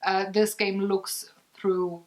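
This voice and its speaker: A woman's voice: medium pitch, level tone, takes it slowly, darkish tone, poor audio. A young woman whose first language is German hosts a casual board game vlog with her husband, often giggling and cheerful. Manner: giggly, cheerful sign-offs. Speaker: vlog host.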